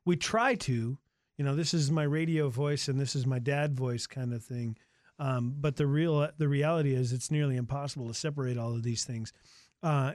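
A man hosting a radio talk show, chatting with a studio guest in a halting, filler-heavy way. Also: fairly high pitch, a little mellow, no echo. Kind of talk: casual radio interview. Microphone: studio microphone.

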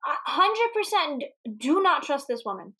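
High-voiced, giggly woman ranting about a movie. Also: measured pace. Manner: giggly, animated, swears freely. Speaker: podcast co-host. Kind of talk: casual movie discussion.

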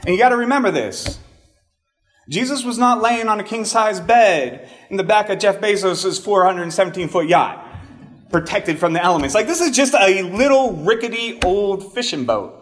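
A male pastor giving a conversational sermon, chatty, with casual asides and animated emphasis. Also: high voice, moderate pace.

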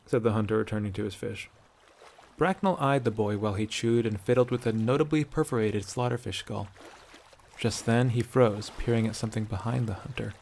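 A man narrating a fantasy fan-fiction story aloud in a steady, measured way. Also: on the low side. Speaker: audiobook narrator.

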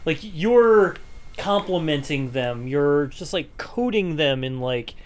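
A woman's voice: low-pitched, animated, slow pace, a little mellow. A woman co-hosting a casual chat, rambling and laughing often as she acts out quotes. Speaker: podcast co-host.

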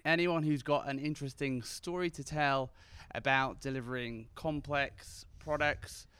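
Brief: male podcaster guest, smooth voice, relaxed delivery, dry close sound. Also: mid-range voice, measured pace, dry recording. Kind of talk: casual live chat.

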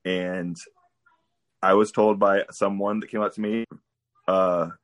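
A man's voice: low voice, level tone, slow pace. A man telling a story on a casual podcast, laughing as he goes. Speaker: guest wrestler.

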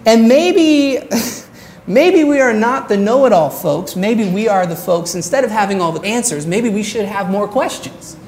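A woman's voice: mid-range voice, animated, a little mellow. Earnest woman preaching a sermon. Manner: earnest preaching, slows down on key phrases. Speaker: pastor.

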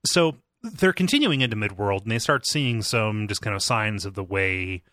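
A man's voice: on the low side, animated, normal speed, pushed and bright, dry recording, studio quality. A man hosting a casual book-discussion podcast, explaining at length with lots of fillers. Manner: rambling, filler-heavy explaining. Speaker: podcast host.

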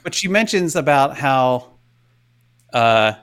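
A man co-hosting a podcast, telling a story in casual chat and acting out quotes with hushed asides. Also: mid-range voice, expressive, takes it slowly, clean tone. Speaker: podcast co-host.

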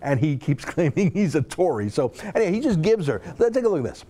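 Sarcastic man with mellow voice. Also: fairly high pitch, very animated, fast. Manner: sarcastic, mocking, scoffs and laughs while reading. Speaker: political commentator. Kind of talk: opinion monologue reading tweets aloud.

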